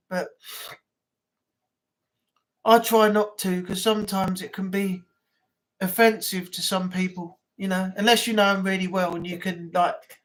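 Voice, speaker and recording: A woman's voice: lowish voice, poor audio. Chatty woman hosting a live stream. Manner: rambling, lots of fillers and asides. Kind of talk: casual chat.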